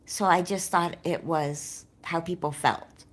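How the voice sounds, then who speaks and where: A woman with a slightly low voice talks openly to viewers on a livestream. Her speech has a slight nervous lisp, and she rambles, circling back on her own doubts as she goes. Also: steady tone, slow. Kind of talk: candid livestream chat.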